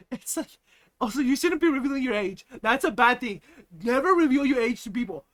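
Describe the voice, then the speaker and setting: A man's voice: very high voice, lively intonation, moderate pace, fairly bright tone. A young American man chatting on a live stream, giggling often and rambling with plenty of fillers. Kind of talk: casual live-stream reaction chat.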